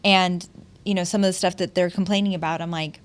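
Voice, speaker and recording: A woman's voice: lowish voice, fairly even intonation, brisk. A middle-aged woman hosting a podcast, telling personal stories in an emotional, heartfelt way with frequent laughs and restarts. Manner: emotional storytelling, laughs often, many restarts. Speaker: podcast host. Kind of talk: casual heartfelt conversation.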